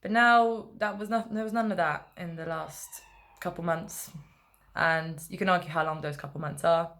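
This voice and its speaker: A woman's voice: on the low side, fairly even intonation, brisk, fairly bright tone. A young woman fan talking casually in a rambling, laid-back vlog, full of fillers and asides. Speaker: football fan vlogger.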